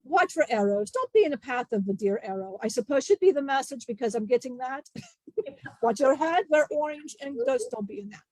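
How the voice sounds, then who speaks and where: A woman's voice: high-pitched, expressive, a little fast, mellow, no room sound. A woman channeling a jovial ancient male spirit teacher, giving rambling, joking advice. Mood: warm jokey.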